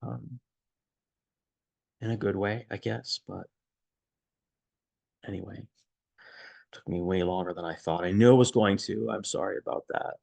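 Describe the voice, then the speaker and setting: A very deep, gravelly male voice tells a personal story to a friend. He rambles and halts, restarting sentences as he hunts for words. The sound is close and dry. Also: darkish tone, no echo, poor audio. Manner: rambling and halting, with many restarts; shaken, searching for words. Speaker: man recording a personal message to a friend.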